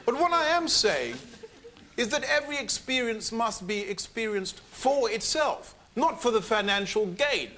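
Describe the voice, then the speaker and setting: A man giving a mock-grand comic speech in a debate, with a deadpan delivery. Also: very high-pitched, measured pace, a little hiss or hum.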